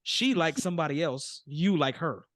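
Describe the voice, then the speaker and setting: A man's voice: fairly high pitch, moderate pace, a crowd in the background. A man co-hosting a casual podcast chat, talking hesitantly with restarts and laid-back slang. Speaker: podcast co-host.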